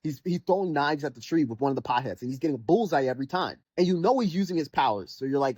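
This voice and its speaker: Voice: medium pitch, lively intonation, fast talker, few pauses, a little mellow, no room sound. A podcast host rambling through an exasperated casual rant, reviewing a video game and packed with filler words. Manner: sarcastic mock voices when quoting characters.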